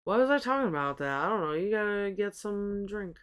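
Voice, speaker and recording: Here the woman hosting the livestream sounds medium-pitched, expressive and fairly quick, with a clean tone. Her talk wanders, is laced with profanity, and is marked by frequent restarts.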